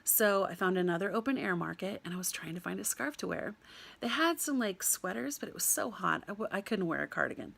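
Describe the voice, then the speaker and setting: A young woman from the United States tells a personal story with an easy, animated delivery. Her voice carries a light gravelly fry, and she laughs often as she mimics the people she met. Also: medium pitch, fairly quick.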